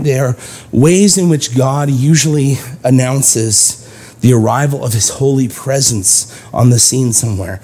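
A man's voice: mid-range voice, warm tone, husky. A man preaching a sermon in a conversational way, explaining scripture and acting out its dialogue. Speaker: pastor.

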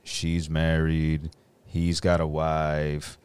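A man in casual chat, musing in a philosophical way with drawn-out phrases and many fillers. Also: very deep voice, monotone, a little mellow, smooth, no echo.

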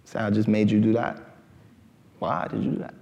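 A man giving an animated talk to a live audience in a lecture hall, often asking "right?". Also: lowish voice, fairly quick, vocal fry, dull audio.

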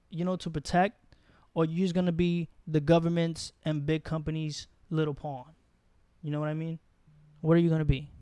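Heated, high-voiced young New man. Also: dark tone, clean tone, no room sound. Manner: heated, blunt and profane, slangy. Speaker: podcast co-host. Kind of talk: casual podcast chat.

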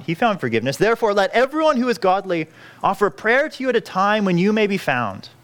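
Earnest male preacher with a lively voice. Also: high voice. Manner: earnest, pleading, self-correcting with frequent restarts. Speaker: pastor. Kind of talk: sermon.

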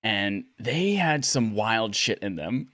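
A man hosting a casual podcast from his living room, excitable and laughing often, swearing casually as he chats. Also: on the low side, slow pace. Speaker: podcast host. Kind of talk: casual chat.

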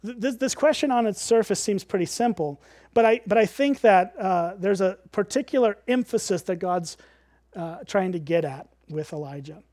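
A man with a high, light voice walks his listeners through a Bible passage in a relaxed teaching tone. He keeps raising rhetorical questions and checking in with them. The sound is close and dry, with no room echo. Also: normal speed.

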